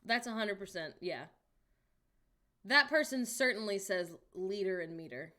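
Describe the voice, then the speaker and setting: A woman streaming, chatting casually and reacting wryly out loud to what she finds while browsing online. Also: medium pitch, measured pace.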